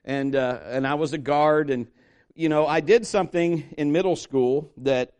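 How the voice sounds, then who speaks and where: A middle-aged man, a pastor, preaching a sermon with animated storytelling, acting out the voices of the people he quotes. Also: fairly high pitch, moderate pace, clear, resonant tone.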